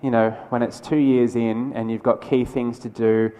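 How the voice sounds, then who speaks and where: A keynote speaker, male, gives a conference talk in a lively, conversational manner, full of quick asides and restarts. His pitch is mid-range. The long reverb of a big lecture hall hangs on the sound.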